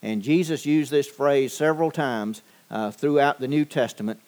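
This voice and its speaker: A man preaching a sermon, measured and deliberate, with frequent pauses and fillers. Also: medium pitch, darkish tone. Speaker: pastor.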